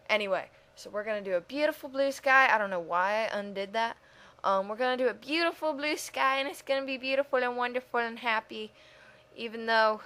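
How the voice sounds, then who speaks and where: A woman's voice: mid-range voice, a bit bright. Chatty woman narrating her speed drawing. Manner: rambling and self-mocking; chatty, talks to herself. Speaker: video creator. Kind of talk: casual voice-over over a speed drawing.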